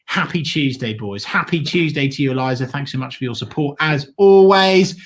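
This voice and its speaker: A man's voice: medium pitch, lively intonation, moderate pace. A man co-hosting a football watchalong, enthusiastically thanking donors and giving match updates. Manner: enthusiastic, reads out donations, shout-outs. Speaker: fan channel co-host. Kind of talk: casual watchalong chat.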